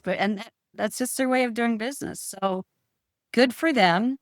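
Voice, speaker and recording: Middle-aged female realtor guest, calm and sure of herself, dry close sound. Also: a little high, moderate pace, no echo. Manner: calm, assured storytelling. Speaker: guest real estate professional. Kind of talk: casual podcast interview. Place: California.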